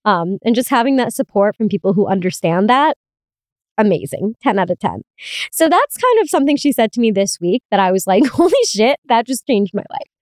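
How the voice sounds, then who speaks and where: Young woman, podcast host, casual chat, candid, swears a lot, smooth clean voice, dry close sound. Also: medium pitch, sing-song, brisk, no echo. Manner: candid, swears freely, laughs often, mock-whining asides.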